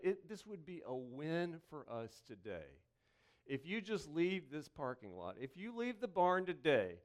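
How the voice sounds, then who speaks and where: A man preaching with a smooth, resonant voice pitched a little high. He talks to the congregation like friends, drifting from playful asides into hushed, slow reflection. He lingers over repeated key phrases. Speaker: pastor. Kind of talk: conversational sermon.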